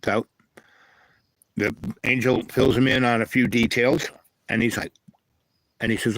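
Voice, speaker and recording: Man, rambling spiritual monologue, mid pitch, dry close recording. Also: fairly even intonation, measured pace, long pauses, a bit bright, dry recording, rough recording. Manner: meandering, many fillers and tag questions. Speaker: channel host.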